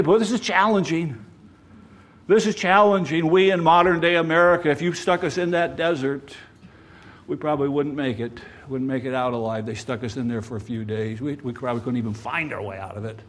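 With a high-pitched voice, this man preaches a sermon and addresses the congregation directly. He alternates between booming emphasis and softer, quieter asides.

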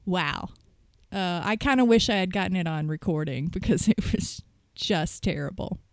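A woman's voice: on the low side, moderate pace, no echo, studio quality. A young woman in casual chat, telling stories about her work as a store manager and acting out callers with a sugary, mocking voice. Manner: animated, mimics callers in a sugary voice.

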